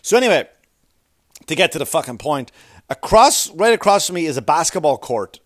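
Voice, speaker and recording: A man's voice: fairly high pitch, big pitch swings, fairly quick, dry recording, studio quality. A man delivering a rambling, profane comic monologue as a podcast host, constantly checking in with the listener. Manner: profane, keeps checking in with "right?".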